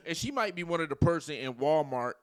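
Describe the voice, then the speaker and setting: A man giving animated, mocking reaction commentary straight to his viewers. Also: fairly high pitch, a little fast, no echo. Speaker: commentary vlogger.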